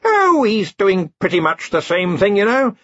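A man's voice: high voice, big pitch swings, unhurried, a bit bright, no room sound, pitched above the performer's own voice, exaggerated voice. A man voicing a jovial, blustering old head wizard who talks in a hearty, breezy way. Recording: dull lo-fi dry recording.

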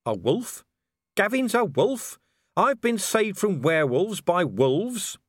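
A man's voice: high voice, sing-song, takes it slowly, no room sound, clean studio sound, pitched above the performer's own voice, heavily acted. Guy doing a grumpy sarcastic old-ish commander, worn out, voice swings up and down. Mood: gruff. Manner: gruff, sarcastic. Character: gruff battered middle-aged male commander.

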